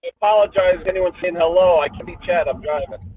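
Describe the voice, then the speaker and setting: A man's voice: sits high, fast talker. A man joining a group video chat while driving, chatty and self-deprecating. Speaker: guest on a live chat. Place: in a car, driving. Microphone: phone on a call. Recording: tinny phone-like line with faint noise. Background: faint vehicle noise.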